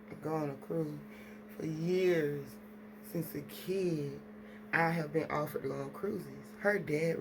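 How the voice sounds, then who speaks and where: A woman chats to her viewers, rambling loosely from one thought to the next. Her voice has a gravelly fry. The home recording carries clear background noise. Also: low-pitched. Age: adult with children. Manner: rambling, chatty, talks straight to viewers. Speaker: vlogger. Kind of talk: casual chat to camera.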